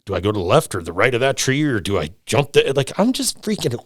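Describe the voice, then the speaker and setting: A middle-aged man in casual podcast conversation, talking in an animated, rambling way, swearing freely and repeating himself. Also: on the low side, quick pace, no echo, clean studio sound. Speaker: lodge owner, podcast guest.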